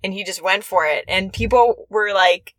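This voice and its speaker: Female podcast co-host, mid pitch, teasing storyteller. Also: moderate pace, a bit bright, dry recording. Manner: teasing, spins comic what-if stories. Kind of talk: casual chat.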